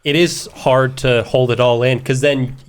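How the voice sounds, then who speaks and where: A man hosting a podcast, adding slow, supportive remarks. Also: medium pitch, steady tone, clear, resonant tone. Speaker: podcast host. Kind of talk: casual podcast chat.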